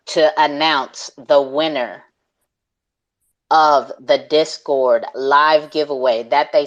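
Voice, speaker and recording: A man's voice: on the high side, muffled recording. A man hosting a live online audio call, talking in hyped, slangy casual chat, laughing often and swearing freely. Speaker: host.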